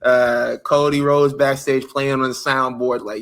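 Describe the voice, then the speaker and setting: Podcast co-host, male, mid-pitched, lively slangy recaps of wrestling shows. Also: measured pace. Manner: animated storytelling, acting out quotes with slang. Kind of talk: casual wrestling chat.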